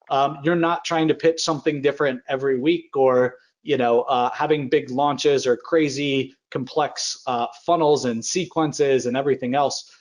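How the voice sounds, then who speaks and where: A man hosting a podcast interview, agreeing with his guest, summing up points and asking follow-up questions. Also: medium pitch. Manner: agreeable, summarizing and prompting questions. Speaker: podcast host.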